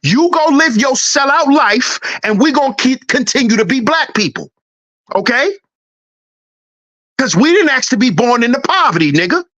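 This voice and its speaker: A man on a livestream rants heatedly and profanely, preaching and repeating himself for emphasis. His extremely high voice swings widely in pitch, with a fairly bright tone at normal speed.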